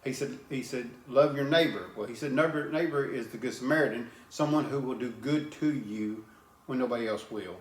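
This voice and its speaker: A man's voice: medium pitch, fairly quick, echoey room. A man preaching an informal sermon, plain-spoken and earnest, often repeating and restarting his words as he reads scripture.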